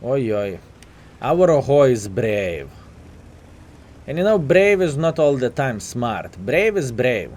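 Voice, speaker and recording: A man's voice: mid-range voice, big pitch swings, takes it slowly, pauses often, darkish tone. Sleepy Lithuanian man commentating a game. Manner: chatty, calls viewers "fellas". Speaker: gaming commentator. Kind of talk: live gameplay commentary.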